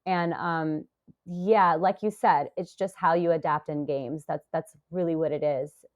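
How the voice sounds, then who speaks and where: A woman in her forties, a podcast guest, talking casually and telling stories with lively acted-out quotes. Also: deep voice, a little slow, muffled recording. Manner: animated storytelling, acts out quoted voices. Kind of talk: casual interview talk.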